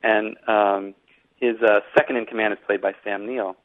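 Low-voiced author over a phone line. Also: male voice, steady tone, normal speed. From Boston, United States. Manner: thoughtful, many restarts and "you know"s. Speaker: author and guest. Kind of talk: casual interview conversation.

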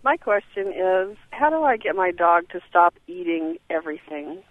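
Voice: mid-range voice, animated, moderate pace, no room sound. A caller phoning in to a radio show and plainly listing a dog's problems. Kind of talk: phone-in question. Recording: tinny phone line.

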